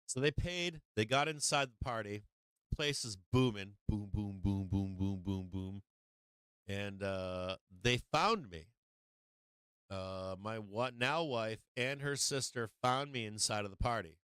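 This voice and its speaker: A man's voice: on the low side, unhurried, fairly bright tone, smooth, dry recording. A man hosting a live stream, telling a casual anecdote in a rambling way, full of fillers, swearing and laughs. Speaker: host of a stock market live stream.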